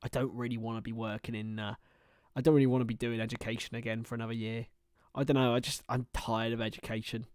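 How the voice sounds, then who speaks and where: Young male streamer, twenties, chatty and excitable, close dry mic, mid-range voice. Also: mid-range voice, quick pace, no room sound. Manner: chatty, excitable, laughs often. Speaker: streamer and commentator. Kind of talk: casual live football watchalong commentary.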